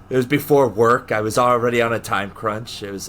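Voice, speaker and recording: A young man co-hosting a podcast, telling stories in casual chat, animated, laughing often and acting out the people he quotes. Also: medium pitch, moderate pace, slight background noise. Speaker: podcast co-host.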